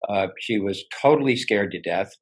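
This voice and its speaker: A man's voice: fairly low pitch, animated, moderate pace, rough recording. A man speaking on behalf of his late wife, hesitant and full of fillers. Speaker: honoree's husband. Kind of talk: thank-you speech.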